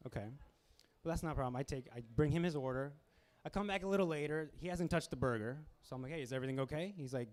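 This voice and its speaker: Speaking fast in a mid-range voice, the young host of a small-club stand-up show keeps things casual, mixing deadpan asides with impressions of customers.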